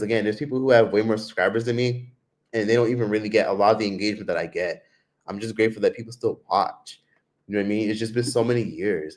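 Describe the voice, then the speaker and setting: A man casually chatting on a live stream, reading viewer comments and answering with loose, profane talk. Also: lowish voice. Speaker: vlogger.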